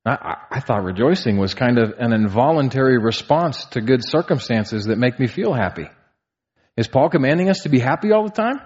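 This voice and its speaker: A man's voice: medium pitch, animated, fairly quick, a little mellow, husky. A man in his thirties preaching a sermon, earnest, asking rhetorical questions and building to emphatic peaks. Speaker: pastor. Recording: slightly dull, muffled sound.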